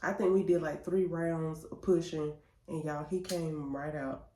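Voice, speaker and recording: A woman telling a chatty, animated story to her viewers. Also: deep voice, unhurried. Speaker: vlogger. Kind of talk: casual storytelling vlog. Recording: roomy echo.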